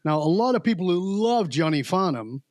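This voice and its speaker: A man talking as a podcast guest, animated, slowing down to hammer key words and mimicking other voices. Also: sits high, no echo. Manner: animated storyteller who mimics accents and voices; slows down to stress key words. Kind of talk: casual conversation.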